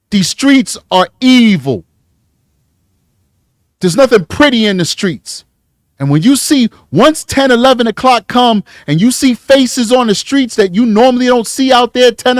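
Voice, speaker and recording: Guy with a high voice ranting on his true crime show, very emphatic and preachy, says things twice for effect, super dry close sound. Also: no room sound. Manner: preachy, emphatic, repeats words. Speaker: true crime commentator host. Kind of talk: impassioned commentary.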